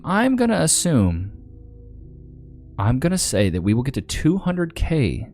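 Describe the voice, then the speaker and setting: A low-pitched man hosts a casual live stream, chatting in loose slang and shouting out viewers by name. He speaks into a desk microphone. Soft music plays faintly underneath. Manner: loose, slangy, reads chat names aloud. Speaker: livestream host.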